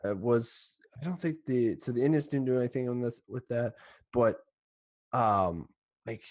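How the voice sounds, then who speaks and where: A man co-hosting a sports podcast, rambling and excitable, restarting his sentences as he recaps a game. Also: medium pitch, moderate pace, no room sound. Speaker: podcast co-host. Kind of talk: casual sports chat.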